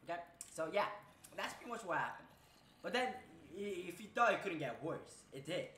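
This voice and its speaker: A man's voice: high-pitched, sing-song, normal speed, bright, forceful tone, roomy sound, a little hiss or hum. A young man with a Brazilian Portuguese accent, a native Portuguese speaker telling a rambling casual story while gaming, tagging nearly every phrase with "okay?" and "bro". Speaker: student vlogger.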